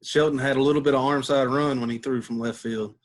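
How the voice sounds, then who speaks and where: A man's voice: mid-range voice, fairly even intonation, fairly quick. A man, a podcast guest telling a story in a laid-back way and laughing as he goes. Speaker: podcast guest, former catcher. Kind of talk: casual storytelling.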